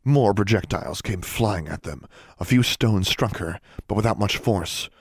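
A man with a low voice reads a fantasy story aloud at an even, steady pace. The recording is dry, with no room sound. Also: moderate pace, slightly rough, dry recording. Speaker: audiobook narrator. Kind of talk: scripted narration.

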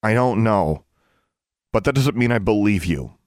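A man's voice: fairly low pitch, expressive, measured pace, no echo, clean studio sound. A man voicing an angry, defiant teenage witch girl in a fantasy audiobook, speaking sharply and indignantly. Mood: cold, distrustful. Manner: sharp, indignant, raising her voice.

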